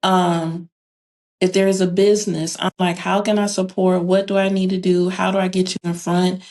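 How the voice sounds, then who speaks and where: A woman's voice: lowish voice, moderate pace. A woman guest on a podcast chatting casually and telling stories, acting out quoted dialogue with animation. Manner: animated storyteller who acts out quoted dialogue. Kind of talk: casual chat.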